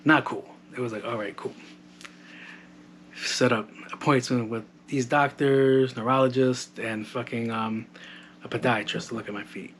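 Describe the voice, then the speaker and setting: A man in his thirties talks straight into the mic, telling his story in blunt, casual speech full of curses and quoted back-and-forth. His voice sits at an ordinary pitch, and a faint hiss of noise runs under the recording. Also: fairly even intonation, measured pace, a bit bright. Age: 30s. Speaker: podcast host. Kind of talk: casual monologue.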